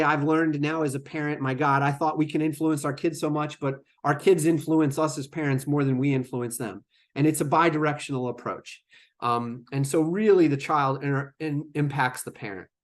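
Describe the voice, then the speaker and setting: A man presenting a webinar lecture in a conversational way, with fillers and asides to the audience. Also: a little high. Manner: conversational, with fillers and acted-out quotes. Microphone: remote webinar microphone.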